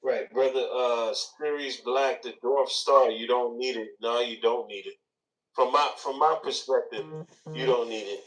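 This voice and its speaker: A man of middle pitch hosts the talk, speaking very slowly as he gathers his thoughts. He sounds set back from the microphone. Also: fairly even intonation, a bit bright. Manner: slow, unhurried, thinking aloud. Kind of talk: casual talk show chat. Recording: distant from the mic.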